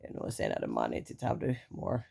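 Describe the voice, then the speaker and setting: A woman with a Jamaican accent and a naturally deep voice, froggy and rough from the morning, rambling casually to her followers with many "you know"s. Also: big pitch swings, fairly quick, dark tone. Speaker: vlogger. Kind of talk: casual talking-to-camera monologue.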